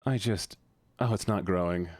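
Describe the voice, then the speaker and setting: A man's voice: low-pitched, moderate pace, no room sound. A young man live-streaming, joking with his chat in a casual, profane way.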